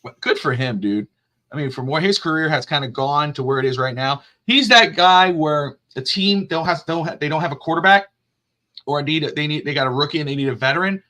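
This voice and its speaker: A man hosting a casual sports talk show, rambling and jokey and quick to laugh. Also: fairly high pitch, sharp tone. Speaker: podcast host.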